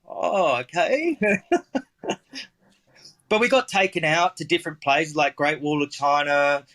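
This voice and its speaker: A man's voice: on the high side, pushed and bright. A man with an Australian accent, a chef telling stories in a casual interview, rambling with lots of fillers and restarts.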